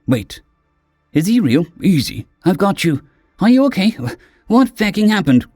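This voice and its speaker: Male narrator doing an anxious, protective alien buddy, pitched up, mellow. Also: big pitch swings, a little slow, dry recording, studio quality, faint music behind, heavily acted. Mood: alarmed. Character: caring male alien reptilian friend, worried and tender.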